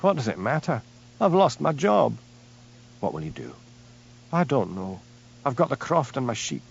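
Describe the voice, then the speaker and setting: A man's voice: medium pitch, very animated, moderate pace, gravelly, slightly rough, full character voice. A man reading as a weary stubborn constable. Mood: glum. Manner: stubborn, huffy, dry. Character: stubborn weary male Highland police constable. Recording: dull lo-fi audiobook recording.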